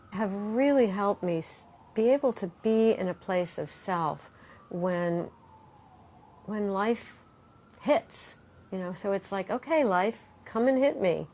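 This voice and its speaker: A middle-aged woman, a yoga teacher and author, talks in an interview in a lively, expressive way, acting out quoted voices and guiding breathing exercises. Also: on the low side. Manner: animated, acts out quoted voices, guides breathing.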